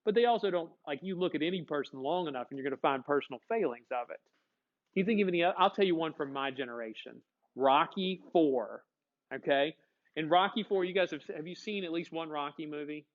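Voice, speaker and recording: A man's voice: on the high side, expressive, fairly quick, phone-quality sound. A man teaching a history class, chatty and joking, often asking his students questions. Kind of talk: classroom lecture.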